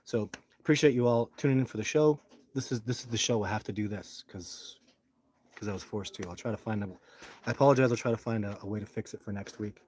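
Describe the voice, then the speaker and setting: A man's voice: on the low side, quick pace, a little mellow. Frustrated man ranting on a live stream. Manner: frustrated, complaining, rambling. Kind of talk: casual live stream talk.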